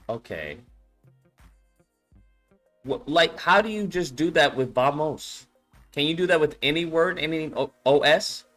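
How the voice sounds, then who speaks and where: A man's voice: fairly high pitch, expressive, a little slow, long pauses, fairly bright tone, soft background music. A young man on a casual live stream, thinking aloud with frequent cursing and reading answers off a screen.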